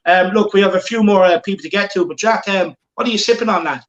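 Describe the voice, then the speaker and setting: A man's voice: sits high, fast, roomy sound, muffled recording. A man hosting a live football watchalong, chatting casually and reading out viewer comments. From Ireland. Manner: chatty, reads viewer comments, banter with co-host. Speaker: watchalong host.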